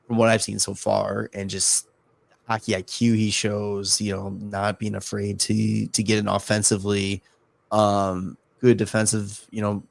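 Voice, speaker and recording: Gravelly low-voiced man chatting hockey. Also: completely flat delivery, no echo. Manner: halting, many restarts and fillers. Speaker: podcast co-host. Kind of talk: casual sports chat.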